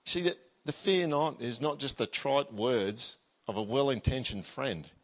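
A man's voice: mid-range voice, moderate pace. Male pastor, mid-range voice, casual sermon delivery, emphatic scripture reader. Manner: conversational preaching, with many tag questions; emphatic, reads scripture aloud.

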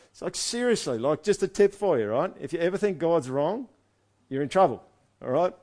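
A man preaching a sermon, reading scripture aloud and breaking off into lively, conversational comments for his congregation. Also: a little high, normal speed. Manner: animated, conversational, swings from loud asides to quiet reading. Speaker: pastor.

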